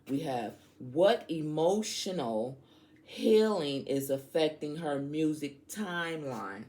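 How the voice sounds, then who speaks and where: A woman's voice: deep voice, a little mellow. Outspoken woman giving a casual tarot reading. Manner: chatty, addresses listeners directly. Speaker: tarot reader.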